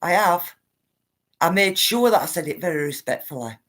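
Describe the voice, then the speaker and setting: A woman's voice: fairly low pitch, lively intonation, normal speed, a bit bright. A woman hosts a casual live stream. She talks straight to her viewers and reads out their comments. Her delivery is blunt and emphatic, and she hammers each point home by repeating it. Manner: addresses viewers directly. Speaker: livestreamer reading viewer comments.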